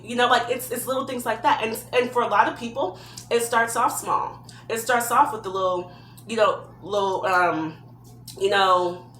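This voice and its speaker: A woman's voice: a little high, moderate pace, fairly bright tone, echoey room, a little hiss or hum. A woman giving earnest, heartfelt advice from her own experience in a personal vlog. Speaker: vlogger.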